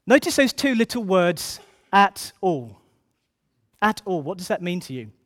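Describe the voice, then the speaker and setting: A man preaching a sermon, reading scripture slowly and then hurrying through his asides, often repeating key phrases. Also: sits high, sing-song, a bit bright.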